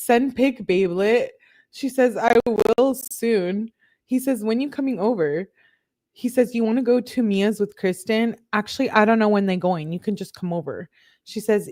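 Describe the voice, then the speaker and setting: A woman's voice: mid-range voice, darkish tone. A woman hosting a casual live stream, reading text messages aloud and reacting as she goes, with frequent "like" fillers.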